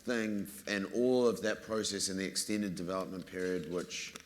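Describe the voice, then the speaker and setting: A man speaking as a film producer on a panel, explaining in an earnest, measured way. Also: deep voice. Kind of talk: panel discussion.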